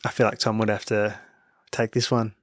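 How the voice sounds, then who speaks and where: A man's voice: fairly low pitch, little pitch movement, normal speed, no room sound, clean studio sound. A young Australian man co-hosting a sports podcast, laid-back and casual, dropping "mate" often. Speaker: podcast co-host.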